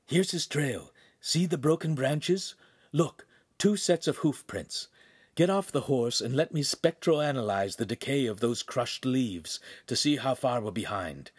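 A man's voice: mid-range voice, animated, a little slow, husky, no room sound, clean studio sound, voice pushed up. A man voicing a small, cautious male imp who speaks in a precise, analytical way. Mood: alert.

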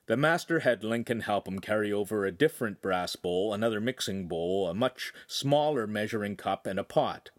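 A man narrating an audiobook in an expressive storytelling manner. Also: fairly low pitch, normal speed, hardly any pauses. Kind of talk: scripted narration.

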